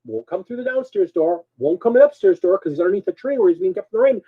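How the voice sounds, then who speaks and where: A man co-hosting a live show, telling a story in a casual, animated way. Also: high voice, fast talker, slightly rough, narrow, tinny audio. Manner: animated, swings between mutters and loud bursts. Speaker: co-host.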